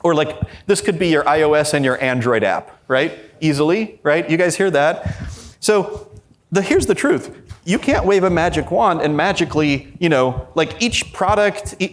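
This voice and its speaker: A man presenting a conference workshop, talking energetically and addressing the audience directly. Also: fairly high pitch. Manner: quotes imagined people in a raised voice.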